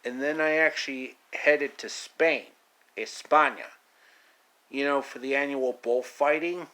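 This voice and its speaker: A man narrates a home-made story at an unhurried, slow pace in a mid-range voice. His tone is laid-back and casual, sprinkled with foreign phrases. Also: medium pitch, pushed and bright. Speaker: storyteller, channel host.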